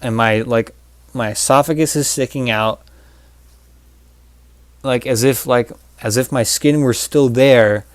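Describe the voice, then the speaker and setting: A man giving casual gameplay commentary as he rambles through a story, full of fillers and false starts. His voice sits at a middle pitch. The recording is dry and close, with no room sound. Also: unhurried, pauses often, no echo. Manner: rambling, with many fillers and restarts. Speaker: channel host.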